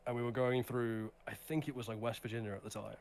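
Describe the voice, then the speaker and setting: A man's voice: medium pitch, flat delivery, quick pace, a little hiss or hum. A man telling a rambling story in casual chat on a gaming stream, leaning heavily on fillers. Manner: rambling, heavy with "like" fillers and restarts. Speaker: livestream guest.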